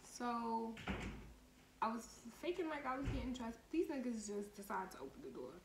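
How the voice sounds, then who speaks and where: A young woman vlogger recounts a story in a blunt, animated, profanity-laced way. Her voice sits on the high side and rings in an echoey room. A faint hiss runs under it. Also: normal speed. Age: young adult. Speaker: vlogger and lash tech. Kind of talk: storytime monologue.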